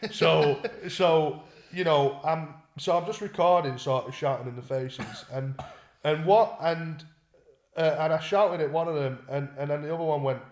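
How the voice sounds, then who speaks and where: A man with a somewhat high voice tells a rambling, sweary story on a casual podcast. He keeps acting out what people said. The room sounds echoey. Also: steady tone, moderate pace. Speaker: podcast co-host.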